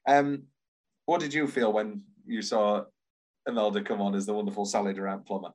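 Gushing animated man on a podcast. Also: on the low side, fairly quick. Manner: animated, gushing, many restarts. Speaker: podcast co-host. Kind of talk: casual enthusiastic chat.

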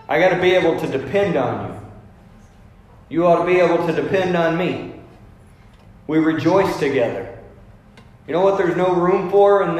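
A male pastor with a fairly high, slightly mellow voice delivers an emphatic, conversational sermon, acting out everyday voices to make his points. The hall is very echoey, with long reverb.

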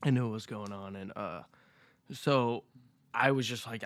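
A man's voice: lowish voice, normal speed, dry recording. Laid-back man with a dry, close voice. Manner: laid-back, profane storytelling. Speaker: podcast co-host. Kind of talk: casual podcast chat.

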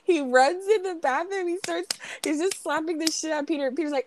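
A young woman co-hosting a podcast, chatting casually and retelling scenes in an animated way. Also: high voice, moderate pace. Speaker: podcast co-host. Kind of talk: casual chat.

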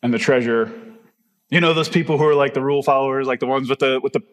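A man's voice: medium pitch, fast. A male pastor giving a conversational, emphatic sermon full of rhetorical questions. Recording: reverberant hall.

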